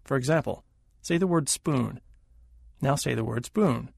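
Gravelly, husky man teaching pronunciation. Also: mid-range voice, brisk, a little mellow, no echo, studio quality. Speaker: language teacher. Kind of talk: explaining pronunciation.

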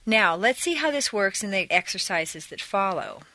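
A woman reading a scripted audio lesson as a language teacher, with a clear, measured delivery of example sentences. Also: mid-range voice, sing-song, sharp tone, no room sound. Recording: dry studio audio.

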